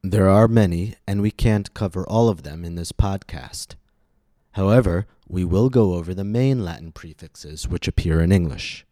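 Man, pronunciation teacher, low mellow voice, dry close sound. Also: no echo. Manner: slow, deliberate, exaggerates stressed syllables in model words. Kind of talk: scripted pronunciation lesson.

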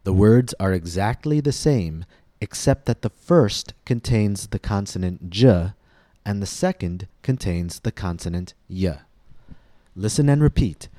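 A man hosting a pronunciation podcast, reading a scripted lesson slowly and with careful, clear enunciation. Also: low-pitched, dark tone, no room sound, clean studio sound. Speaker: pronunciation teacher and podcast host.

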